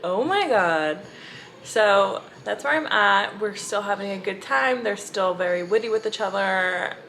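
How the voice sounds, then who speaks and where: A young woman in a casual vlog, talking straight to her viewers in a gushing, storytelling way. Her pitch sits in an ordinary middle range. A faint hiss runs under her voice. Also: moderate pace, vocal fry, pushed and bright. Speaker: book vlogger. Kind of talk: casual chatty reading vlog.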